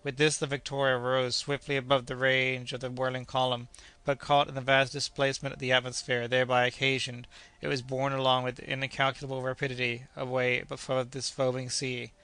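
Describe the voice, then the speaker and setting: A man narrating an adventure audiobook in a measured, steady reading. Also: medium pitch, smooth, no echo.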